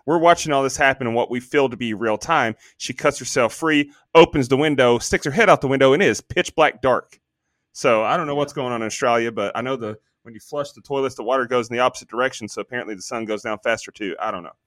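A man talks through a film in loose, rambling podcast chat, cracking jokes and swearing as he goes. His voice sits at an ordinary middle pitch. The sound is dry and close. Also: fast talker, fairly bright tone, no room sound. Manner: joking, rambling, swears freely. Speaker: podcast co-host. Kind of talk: casual movie review chat.

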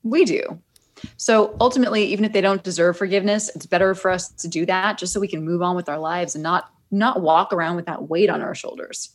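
A woman's voice: fairly low pitch, a little fast. A woman co-hosting a casual podcast, giving earnest, reflective advice. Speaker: podcast co-host. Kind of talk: casual chat.

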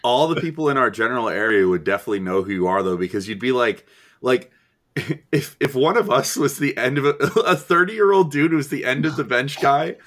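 A man's voice: mid-range voice, animated, fairly quick, a bit bright. A young man co-hosting a casual sports podcast, rambling and laughing as he reads listener questions. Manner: loose, laughing, rambling with many fillers. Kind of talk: casual chat.

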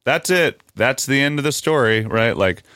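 Animated, swearing male podcast host. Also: medium pitch, dry recording. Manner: animated, swearing, quick asides. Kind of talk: casual podcast chat.

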